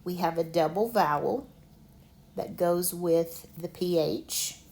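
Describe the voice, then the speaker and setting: A woman teacher gives an online lesson, talking slowly and deliberately. She breaks long words into syllables with patient care. Her voice sits fairly low. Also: creaky, a little mellow. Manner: slow, deliberate, sounds out syllables. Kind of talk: online lesson on medical word pronunciation.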